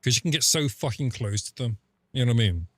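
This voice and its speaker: A man's voice: medium pitch, fast talker, no room sound. A man chatting casually on a game stream, telling rambling, sweary stories full of fillers. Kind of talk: casual live-stream chat.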